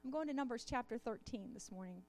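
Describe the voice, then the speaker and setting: A high-voiced woman preaching a sermon, leaning into call-and-response with the congregation. Her delivery builds with fervor as she calls out amens and hallelujahs. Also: lively intonation, fast, darkish tone, soft background music.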